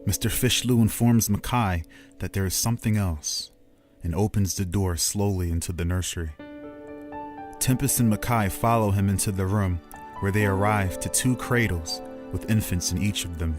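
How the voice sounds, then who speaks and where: Man game master, low steady storyteller, music behind. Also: moderate pace. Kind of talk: narrating a tabletop game. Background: background music.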